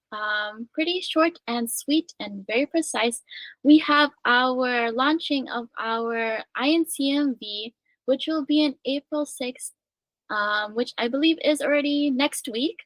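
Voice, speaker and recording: A woman hosting a live radio show in a relaxed, casual way, with frequent ums and uhs. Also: high-pitched, unhurried, no echo, poor audio. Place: radio studio.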